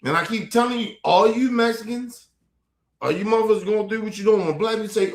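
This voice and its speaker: A man's voice: high-pitched, quick pace. A man streaming a heated, profane commentary rant, repeating his points with fired-up force. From United States. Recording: roomy echo.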